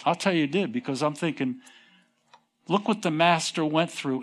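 A man preaching a sermon in an unhurried, emphatic way, stretching words for stress and slipping into folksy conversational asides. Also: a little high.

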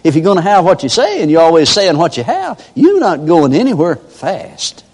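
An older man preaches in a folksy storytelling way, his voice lively and sweeping, a little higher than most men. It rings out with a long hall reverb. He slips into characters to make his point. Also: normal speed. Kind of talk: sermon.

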